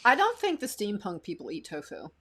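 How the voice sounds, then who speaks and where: A woman co-hosting a live stream who chats casually and giggles often as she reads out viewer comments. Her voice sits mid-pitch but swings widely up and down. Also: wildly swooping pitch, a little fast, a bit bright. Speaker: co-host.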